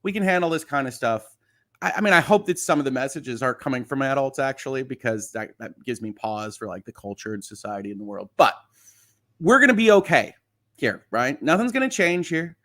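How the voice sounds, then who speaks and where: The host is a middle-aged man on a casual livestream who reads out viewers' comments, chats, reassures them, and laughs frequently. He speaks a little fast in an expressive, medium-pitched voice with a fairly bright tone.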